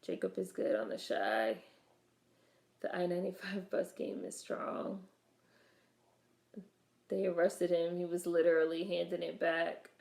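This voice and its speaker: A woman's voice: on the low side, unhurried, creaky, pauses often, a little mellow. A young woman giving casual watch-along commentary on a film, chatting with wry asides and talking back to the screen. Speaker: vlogger reacting to a film. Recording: roomy echo.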